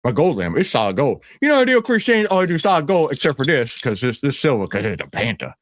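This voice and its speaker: A man's voice: mid-range voice, big pitch swings, fast talker, no room sound, close to an everyday voice. A man playing a brash, boastful stock-hype guru who talks in swaggering slang and rambles. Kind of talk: comedic character skit.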